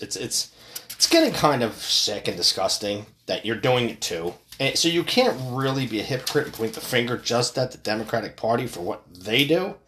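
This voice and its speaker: A man's voice: mid-range voice, fairly bright tone. A middle-aged man hosting a solo podcast, ranting in a profane, rambling way with frequent restarts. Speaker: podcast host.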